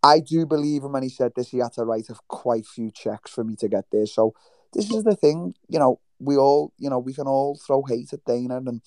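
A man's voice: medium pitch, brisk, a little mellow, dry recording. A man, chatting casually in an interview, swearing freely and telling stories with quoted voices. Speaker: guest fighter. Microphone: remote livestream call.

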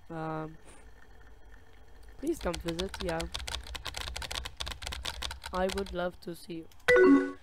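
A woman playing a game on camera, reading its chat messages aloud in a slow, drawn-out way and reacting with soft sympathy. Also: lowish voice, expressive, very noisy. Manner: reads dialogue slowly, with soft sympathetic reactions. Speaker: gaming video creator. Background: loud game music and keyboard typing.

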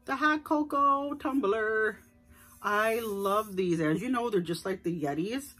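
A woman's voice: mid-range voice, unhurried, fairly bright tone, soft background music. A middle-aged woman, chatting casually to viewers at home as she shows off her shopping haul. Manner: chatty and enthusiastic, addresses viewers directly. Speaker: vlogger showing a shopping haul. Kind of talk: casual haul vlog chat. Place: at home indoors.

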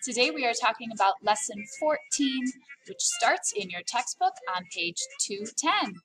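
A woman's voice: fairly high pitch, sing-song, moderate pace, fairly bright tone, faint music behind. An upbeat, playful woman teaching a recorded French lesson, drawing out words to model pronunciation.

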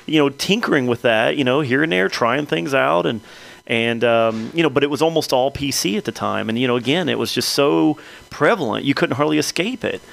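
A man's voice: medium pitch, animated, a little fast, creaky, a bit bright. A man co-hosting a podcast, chatting casually and emphatically with a rambling flow. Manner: rambling, emphatic, many fillers. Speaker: podcast co-host. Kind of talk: casual chat.

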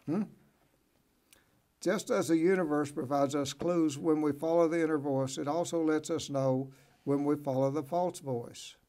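A man with a slightly high voice hosts a motivational talk show. He reads passages and then preaches on them in an encouraging, folksy way, checking in with his listeners as he goes. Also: steady tone, normal speed, mellow. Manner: preachy, encouraging, folksy asides like "right?" and "okay?". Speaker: host. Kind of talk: motivational talk show, reading from a book and commenting.

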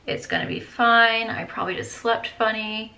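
A woman's voice: a little high, steady tone, moderate pace, pushed and bright. A woman in her thirties with a headache, chatting to viewers while doing her makeup, full of "like" and "you guys.". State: tired, with a headache. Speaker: beauty vlogger.

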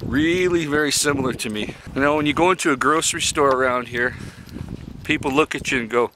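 A Canadian man in his fifties from the Yukon, a vlogger living in an RV, delivers a folksy, opinionated monologue, casual and blunt, chuckling at his own jokes. His medium-pitched voice is pushed and bright, and he talks briskly. There's slight background noise.

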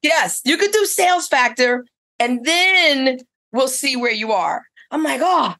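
A woman's voice: sits high, lively intonation, measured pace, bright, forceful tone. A middle-aged woman who owns a spa, telling her story in a casual interview with eager, rambling restarts. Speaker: spa owner and esthetician.

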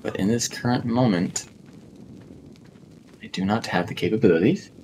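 A man's voice: on the low side, normal speed, darkish tone, slight background noise. A man from North America giving casual commentary as he streams a survival game, chatting to himself and to the creatures and often repeating words. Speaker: gaming streamer.

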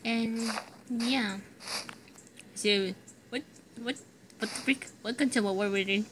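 Slow, giggly female gamer with a sore throat. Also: on the high side, background noise. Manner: giggly, rambling, repeats words. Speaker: gaming channel host. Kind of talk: casual let's-play commentary. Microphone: phone mic.

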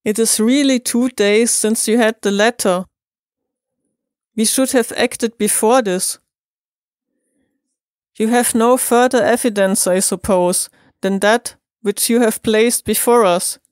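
Brisk detective urging action in a storybook reading, commanding tone , read by a German-accented woman. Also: fairly high pitch, fairly even intonation, darkish tone, no room sound, studio quality. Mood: urgent. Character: brisk, forceful adult male detective.

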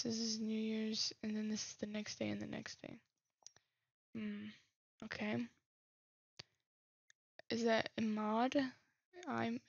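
A woman's voice: fairly high pitch, vocal fry, slightly rough, no echo. A woman streamer casually playing a phone game, reading text messages aloud and musing over them. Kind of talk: casual let's-play commentary. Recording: slightly dull lo-fi recording.

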